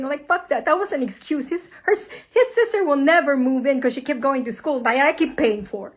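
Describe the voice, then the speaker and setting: A woman, very angry, giving a heated, profane rant to viewers about her husband. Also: high-pitched. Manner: heated, profane, emphatic, addresses viewers as guys. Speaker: wife speaking out online. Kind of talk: angry personal rant to camera.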